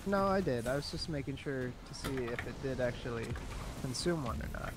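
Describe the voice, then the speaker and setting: A man's voice: medium pitch, expressive, a little fast. A young man bantering playfully with friends while they play a game together. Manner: teasing, playful. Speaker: teammate in voice chat. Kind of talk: casual gaming banter. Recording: voice chat mic with background noise.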